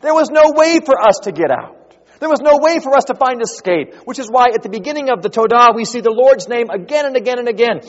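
High-voiced pastor preaching in a reverberant hall. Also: male voice, animated, highs cut off. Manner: rises to loud, drawn-out emphasis when quoting scripture. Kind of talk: sermon.

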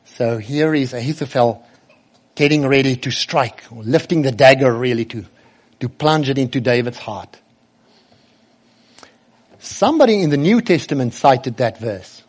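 A man's voice: medium pitch, expressive, a little slow, pauses often, slightly rough. Earnest male preacher. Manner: earnest, asks the children questions directly. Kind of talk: sermon.

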